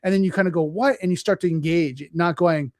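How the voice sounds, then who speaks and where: A man hosting a podcast in casual chat, telling stories at a quick clip and acting out the people he quotes. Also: fairly high pitch, dry recording, studio quality. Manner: fast, animated storytelling, acts out quoted people. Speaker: podcast host.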